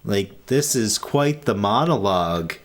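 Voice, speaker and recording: A man's voice: lowish voice, lively intonation, a little slow. A man co-hosting a podcast, chatting casually and jokingly about a film, swearing freely. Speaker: podcast co-host. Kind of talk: casual movie chat.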